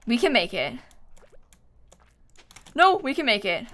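A woman giving excitable live gaming stream commentary, swinging between panicked shrieks and quiet muttering. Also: fairly high pitch, slow.

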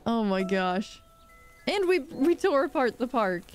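A woman's voice: a little high, big pitch swings, measured pace, soft background music. A woman streamer giving casual, giggly, exclaiming commentary while playing a game.

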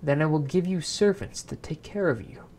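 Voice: medium pitch, expressive, moderate pace, darkish tone, slight background noise, lightly acted. A reader voicing a worried young queen who pleads earnestly in a storybook read-aloud. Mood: pleading. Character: worried young queen guarding her baby.

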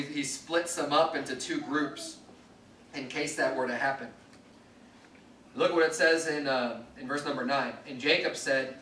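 A man preaching in a church, with a high, bright voice that moves between scripture reading and earnest explanation. The sound is echoey and comes from a distant mic across the sanctuary. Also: a little hiss or hum. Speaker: pastor. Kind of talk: sermon.

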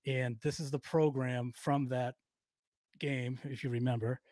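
A man with a Boston accent hosting a podcast over a video call, telling a rambling, excitable story. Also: mid-range voice, a little slow, dry recording. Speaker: podcast host. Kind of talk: casual interview chat.

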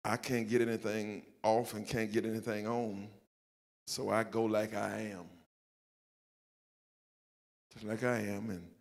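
A man's voice: fairly low pitch, level tone, measured pace, gravelly, pauses often, long reverb tail. An older man, a pastor with a Southern US accent, telling a self-mocking personal story in a sermon and acting out the quotes. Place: church sanctuary.

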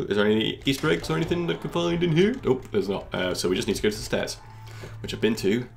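Excitable young British man gaming. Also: lowish voice, a little fast, gravelly, slight background noise. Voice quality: jumpy, exclamatory, jokey. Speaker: gaming YouTuber. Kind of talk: excited let's-play commentary.

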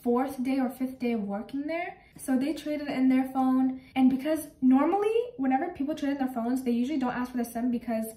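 A young woman telling stories from her old job in a casual, animated and exasperated way. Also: high-pitched, a little fast, few pauses. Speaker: vlogger. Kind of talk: casual storytelling. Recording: echoey room, mic at a distance.

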